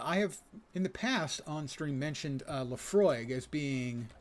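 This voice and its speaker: An older man streaming a fantasy game, chatting casually with dry, digressive humor. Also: fairly high pitch. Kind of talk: casual chat while playing.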